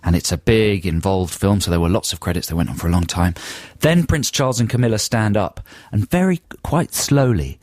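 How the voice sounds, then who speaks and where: A man's voice: on the low side, animated, a little fast, hardly any pauses, a little mellow, no room sound, studio quality. A man co-hosting a radio show, telling a long, rambling story in casual banter. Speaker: radio co-host. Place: radio studio. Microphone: studio microphone.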